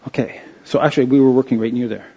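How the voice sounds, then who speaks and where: A man giving an informal slide-show talk, halting and restarting with many fillers. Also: mid-range voice, fairly even intonation, dark tone, slightly rough, dull audio. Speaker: presenter.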